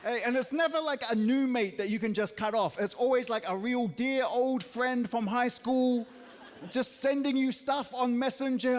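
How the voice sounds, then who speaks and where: High-voiced New Zealand man doing stand-up. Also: normal speed, big-room sound. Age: 30s. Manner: punchy, mocking asides and put-on voices. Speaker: stand-up comedian. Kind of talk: stand-up comedy set. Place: large theatre stage.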